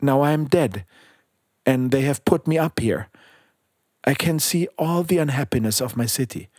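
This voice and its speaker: A man voicing a sorrowful dead prince who is now a golden statue, speaking in a gentle, pleading way in a storybook reading. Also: medium pitch, lively intonation, moderate pace, no echo, clean studio sound, lightly acted.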